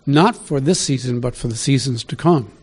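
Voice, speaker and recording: Mellow-voiced man preaching a sermon. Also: mid-range voice, normal speed, breathy edge. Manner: conversational, asks the listeners questions. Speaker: pastor. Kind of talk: sermon Bible teaching.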